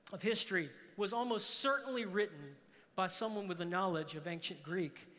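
A man with a high, bright, ringing voice preaches to his church, pressing his points with emphatic bursts that climb toward shouts. His words roll out into a long hall reverb. The sound is that of a large sanctuary. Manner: emphatic preacher, rises to shouts on key phrases. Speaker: pastor. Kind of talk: sermon.

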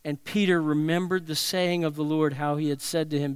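A man preaching a sermon, telling a story dramatically, swinging between loud and hushed. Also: on the high side, fairly even intonation, a little fast, clean tone, no echo. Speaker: pastor.

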